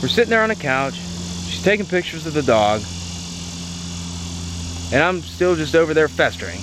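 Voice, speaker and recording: A man vlogging about a car, telling a story to the camera in a chatty, excitable way with lots of fillers. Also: fairly high pitch, normal speed, noisy background.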